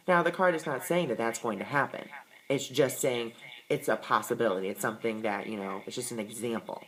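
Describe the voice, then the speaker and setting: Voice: medium pitch, a little fast, fairly bright tone, poor audio. Earnest voice explaining tarot cards. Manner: earnest, reassuring, repeats words for emphasis. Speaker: tarot and oracle card reader. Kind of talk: casual explanatory talk to camera.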